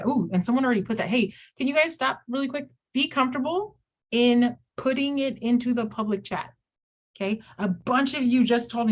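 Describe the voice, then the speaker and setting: A woman's voice: a little high, moderate pace. A woman teaching an online math class, chatty, often acting out her students' questions in a livelier voice.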